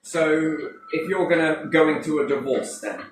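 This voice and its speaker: A man hosting a casual chat, rambling and swearing now and then, often checking in with a quick "yes?". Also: a little high. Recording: echoey room, faint noise.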